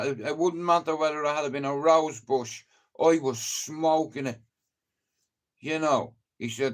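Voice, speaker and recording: A man's voice: a little high, fairly even intonation, unhurried. A middle-aged man from Ireland with a Dublin accent, telling rambling, profane stories to a live stream audience, full of "you know". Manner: rambling, profane, lots of 'you know'. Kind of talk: casual anecdotal storytelling.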